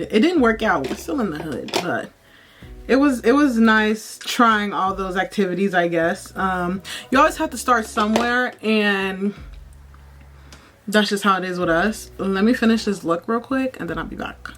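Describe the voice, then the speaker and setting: A woman's voice: mid-range voice, animated, normal speed, a bit bright, slight background noise. A young woman vlogging, chatting casually and telling a childhood story while doing her makeup, often calling the viewers y'all. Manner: chatty, repeats herself, addresses viewers as y'all.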